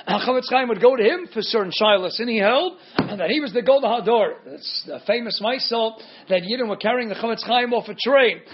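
A man with a very high voice delivers a Talmud lecture on a dull, lo-fi recording. He keeps posing rhetorical questions and answering them himself, dropping Hebrew and Aramaic terms into his English. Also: a little fast, background noise. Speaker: Torah teacher.

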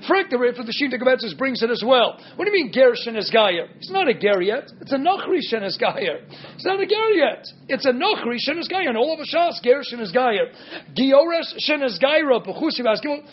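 A man with a very high voice delivers a Talmud lecture on a dull, lo-fi recording. He keeps posing rhetorical questions and answering them himself, dropping Hebrew and Aramaic terms into his English. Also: big pitch swings, brisk, breathy edge. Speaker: Torah teacher.

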